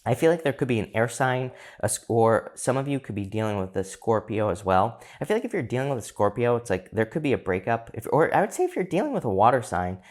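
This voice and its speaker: A man's voice: mid-range voice, sing-song, fast talker, few pauses, darkish tone. A man giving a casual tarot card reading to his viewers, chatty and loose, with fillers and restarts. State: hiccups. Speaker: tarot reader.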